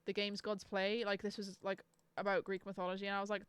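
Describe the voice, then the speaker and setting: A woman's voice: medium pitch, flat delivery, fast, clear, resonant tone, dry recording. A young woman chatting casually on a live stream, sarcastic and swearing freely. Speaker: book streamer.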